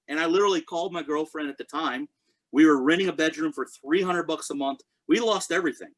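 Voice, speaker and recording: An earnest man in his thirties gives a motivational talk. His voice sits slightly high for a man, and he speaks in a direct, personal way, often turning to his listeners to check they are with him. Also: fast talker, a bit bright. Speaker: network marketing speaker introducing a guest.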